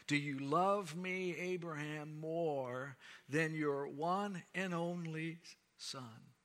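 A preacher voicing God, speaking to a follower in a hushed, near-whispered way. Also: male voice, on the high side, takes it slowly. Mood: earnest. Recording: long hall reverb.

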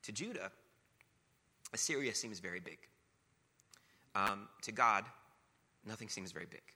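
A man's voice: fairly low pitch, animated, unhurried, bright, forceful tone. A man preaching a sermon, talking casually between passages of scripture that he reads aloud with emphasis. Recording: long reverb of a large hall.

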